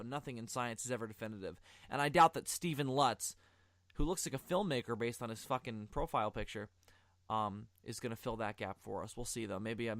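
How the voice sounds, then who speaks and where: A man's voice: mid-range voice, a bit bright, dry recording. A young adult man hosting a podcast, reading articles aloud in casual, rambling, profane chat with lots of asides. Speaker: podcast host.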